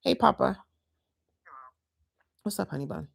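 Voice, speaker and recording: A woman's voice: mid-range voice, lively intonation, a little slow, creaky, breathy edge. A woman, chatting casually and heartfelt to her viewers as a lifestyle vlogger.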